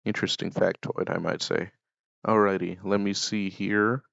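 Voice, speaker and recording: Low, gravelly young man rambling. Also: moderate pace, no room sound. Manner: rambling, offhand, deadpan asides. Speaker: YouTuber. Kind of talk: casual commentary vlog. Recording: dull lo-fi mic.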